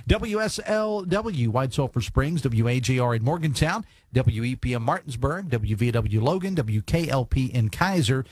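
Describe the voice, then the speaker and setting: A man's voice: mid-range voice, animated, moderate pace, darkish tone, no room sound. A man hosting a live radio talk show, chatty with lots of fillers and restarts. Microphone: studio microphone.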